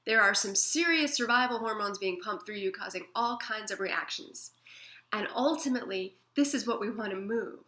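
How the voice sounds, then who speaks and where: A woman teaching an emotional wellness method in a gentle, soothing way, sometimes acting out feelings as she talks. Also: mid-range voice. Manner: gentle, soothing, acts out feelings in quoted asides. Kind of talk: guided self-help talk.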